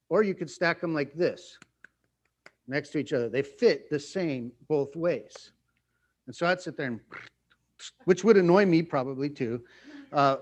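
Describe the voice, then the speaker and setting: Middle-aged guy preaching casual, slightly high voice, keeps cracking jokes on himself. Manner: playful, self-mocking, jokes and laughs often. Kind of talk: conversational sermon.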